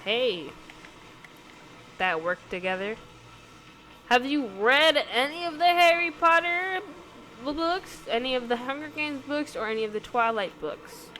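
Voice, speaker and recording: A woman's voice: high voice, measured pace, sharp tone. A woman vlogger reading questions aloud and answering them in casual chat, rambling and hesitant with many fillers. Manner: rambling, hesitant, lots of ums and likes. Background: background music.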